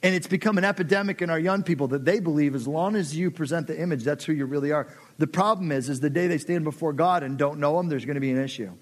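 A man's voice: fairly high pitch, quick pace, few pauses. A middle-aged man preaching a sermon, passionate and conversational, acting out quoted voices. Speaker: pastor.

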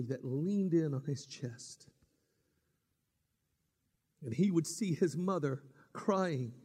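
A man preaching a sermon as pastor, swinging from loud dramatic cries to hushed whispers. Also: a little high, big-room sound.

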